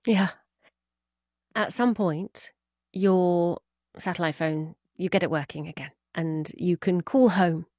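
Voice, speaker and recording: A woman's voice: lowish voice, takes it slowly, darkish tone, no room sound, studio quality. A woman interviewing a guest, hesitant and repeating words as she asks. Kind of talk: documentary interview.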